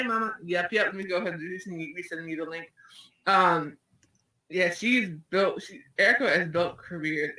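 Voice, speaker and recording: A radio show host with a fairly low, pushed and bright voice conducts an online radio interview. She speaks effusively and emotionally, restarting her sentences many times. The mic is distant in an echoey room.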